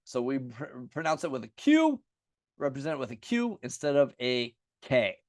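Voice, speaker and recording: An American man teaching the alphabet in a relaxed lesson, saying each letter name aloud again and again as he writes it. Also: mid-range voice, moderate pace, no echo, clean studio sound. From United States. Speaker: Bible and Hebrew teacher.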